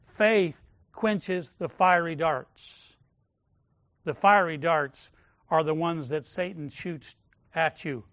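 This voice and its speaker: A man preaching a sermon, measured and emphatic, sinking to a hush on key words. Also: a little high, dry recording, clean studio sound.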